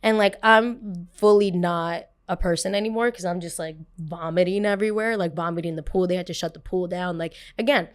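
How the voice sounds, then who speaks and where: A woman hosting a podcast, telling a personal story with animated, dramatic delivery that swings from soft asides to loud bursts. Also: on the low side, a little fast, hardly any pauses. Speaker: podcast host.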